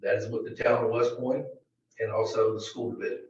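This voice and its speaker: A man's voice: mid-range voice, level tone, a little mellow, lo-fi sound. Man, echoey distant meeting audio. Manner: halting, many fillers and restarts. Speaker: county administrator presenting a budget. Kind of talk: formal budget presentation to a board. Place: county board meeting room.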